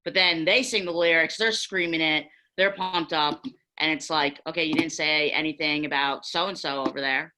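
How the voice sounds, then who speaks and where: A young woman speaking on a video-call panel, her voice low-pitched yet bright and forward. She tells candid stories from her own life and acts out the lines of others as she goes. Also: moderate pace, low-quality recording. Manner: candid, animated storytelling with acted quotes. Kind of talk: panel discussion.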